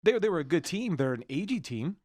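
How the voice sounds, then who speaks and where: A man appearing as a guest on a sports podcast, giving measured analysis in casual talk. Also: on the high side, big pitch swings, darkish tone, no echo, clean studio sound.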